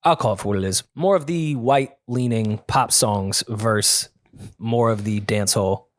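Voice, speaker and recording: A man's voice: on the low side, normal speed, dry recording, clean studio sound. Emphatic man co-hosting a chat show. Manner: emphatic, swears, admits being wrong. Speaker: podcast co-host. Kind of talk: casual chat.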